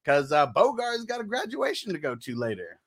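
Man, sports talk host, a bit high-pitched, easygoing, laughs a lot, swears casually. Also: huge pitch swings, fairly quick, a bit bright. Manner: laughs often, loose and profane. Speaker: podcast host.

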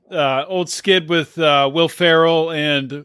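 A man's voice: fairly high pitch, fairly even intonation, takes it slowly, a bit bright, smooth, dry recording, clean studio sound. A man co-hosting a casual podcast who talks in a rambling, hesitant way. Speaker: podcast co-host. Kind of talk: casual chat.

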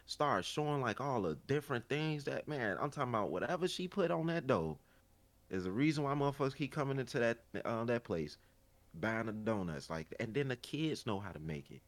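A man's voice: mid-range voice, brisk. A man with a Chicago accent co-hosting a podcast, telling stories in a loose, profane, slang-heavy way. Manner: animated, profane storytelling with slang. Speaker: podcast co-host. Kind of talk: casual chat.

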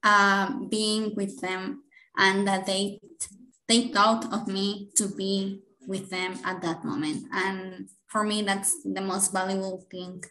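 A woman's voice: mid-range voice, little pitch movement, takes it slowly, pushed and bright. Emotional, rambling woman in an echoey room. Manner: emotional, rambling, laughs often. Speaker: podcast co-host. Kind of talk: casual chat.

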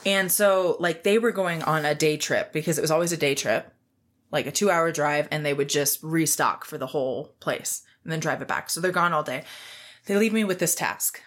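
A woman co-hosting a podcast in casual chat, telling an animated story and acting out the quoted lines in a raised voice. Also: low-pitched, moderate pace. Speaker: podcast co-host.

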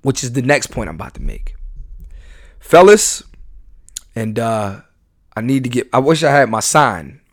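A man's voice: medium pitch, very animated, unhurried, pauses often, no echo, clean studio sound. A man hosting a podcast, talking candidly in a rambling, confessional way full of slang and restarts. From New York. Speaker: podcast host.

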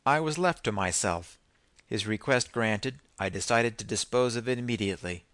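A man narrating a novel in the first person in a measured, even storytelling manner. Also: fairly low pitch, dry recording. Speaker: audiobook narrator.

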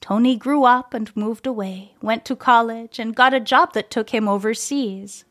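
A woman narrating a children's story aloud, gentle and measured. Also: a little high.

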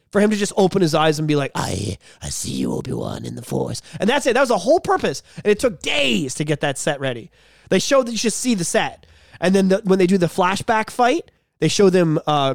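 A man co-hosting a casual podcast, chatting loosely, swearing freely and slipping into quick impressions of film characters. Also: high voice, no echo, studio quality. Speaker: podcast co-host. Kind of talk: casual chat.

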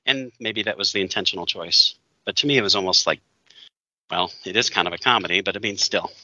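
A man in a casual chat talks on at length, opinionated and quick to laugh. His voice is sharp and forceful, a touch low in pitch. The recording is dry and muffled, with a lo-fi dullness. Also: no room sound. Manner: opinionated, rambling, laughs often. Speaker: podcast co-host. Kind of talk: casual chat reviewing a movie. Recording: dull dry lo-fi sound.

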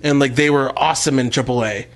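A man's voice: mid-range voice, fairly even intonation, quick pace. A man co-hosting a wrestling podcast, rambling in casual chat with lots of fillers and some swearing. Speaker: podcast co-host.

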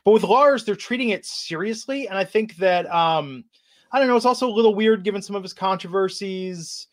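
High-voiced sarcastic male podcast host. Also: brisk. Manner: sarcastic, mocking commentary. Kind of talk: casual chat.

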